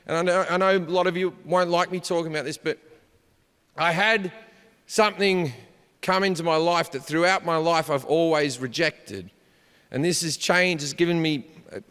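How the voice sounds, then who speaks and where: A man performing a stand-up routine, profane and bursting into shouts. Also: high voice. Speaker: stand-up comedian. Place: theater stage before a live audience. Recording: long hall reverb with audience noise.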